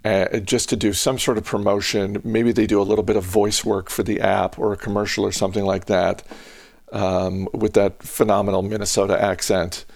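A man's voice: fairly low pitch, flat delivery, normal speed, creaky, a little mellow, no echo. A man hosting a casual podcast chat, musing aloud with lots of hesitant restarts. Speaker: podcast host.

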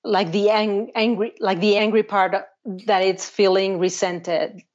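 A woman being coached, answering softly and briefly. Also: medium pitch, flat delivery, a little slow. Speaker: client. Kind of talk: coaching session. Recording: dull lo-fi sound.

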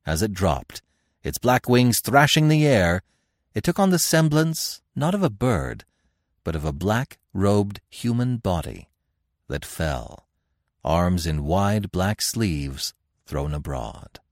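A man's voice: low voice, very animated, slow, no room sound, clean studio sound. A man narrating an adventure story in a dramatic, scripted style, with wide swings in volume. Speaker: narrator and host.

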